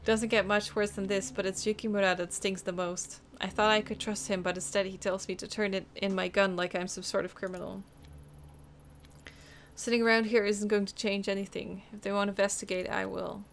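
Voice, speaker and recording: A woman's voice: mid-range voice, little pitch movement, fairly quick, slight background noise, close to an everyday voice. A woman voicing a determined young female detective, reading her wry, resentful inner monologue aloud from a game. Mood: bitter.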